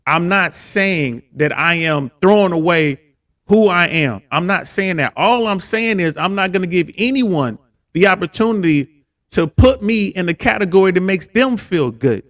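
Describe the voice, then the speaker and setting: A man with a notably high voice makes his case on a live call-in show. He talks emphatically, circles back over his points and keeps checking in with "right?". The sound is dry with little room. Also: expressive, moderate pace, a bit bright, dry recording. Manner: emphatic, repeats himself, tags points with "right?". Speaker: guest caller on a live show.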